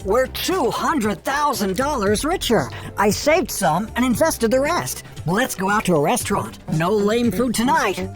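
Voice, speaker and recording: A cheerful, generous father, voiced by a woman, upbeat with a lively, rising and falling delivery. Gentle music plays underneath. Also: a little high, unhurried. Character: cheerful, newly rich father.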